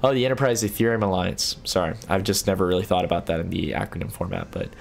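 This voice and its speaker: A man's voice: low voice, fast, creaky, slight background noise. A young man hosting a late-night livestream, reading viewer messages aloud and answering them in a casual, stop-start way. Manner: reads viewer chat aloud and answers, with frequent restarts. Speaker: livestream host.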